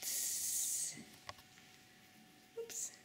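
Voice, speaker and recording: A young mother at home, coaxing and cooing at her baby and dogs in sing-song baby talk. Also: very slow. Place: at home indoors. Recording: noisy home recording.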